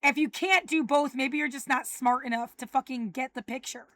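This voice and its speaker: High bright woman ranting and cursing. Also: normal speed, dry recording. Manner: agitated, cursing, often shouting. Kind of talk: profane angry rant.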